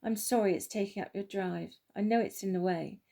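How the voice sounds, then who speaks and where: A woman doing a caring, soft-spoken mother. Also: mid-range voice, a little fast, creaky. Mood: concerned.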